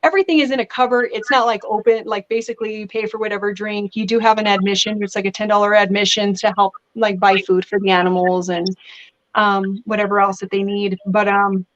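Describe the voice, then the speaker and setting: A woman speaks as an interview guest, chatty and expressive as she tells stories at length. Her voice sits in a middle range. The audio is slightly dull and muffled. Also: mid-range voice, a little fast. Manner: chatty, animated storytelling with laughs. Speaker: guest actress. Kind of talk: casual interview chat.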